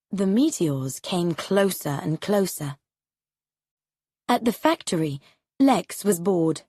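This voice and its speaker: Slow, lively-voiced woman reading a story. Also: on the low side, no room sound, clean studio sound. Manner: slow, clear, deliberate reading. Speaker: story narrator. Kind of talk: graded reader narration for English learners.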